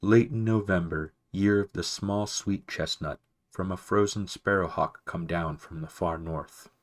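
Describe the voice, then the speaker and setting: A man's voice: sits low, a little slow. A man voicing an ancient, mumbling mouse. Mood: doddering. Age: older. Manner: soft, mumbling, fussy, barely above a whisper. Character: ancient male mouse archivist, wise, absent-minded.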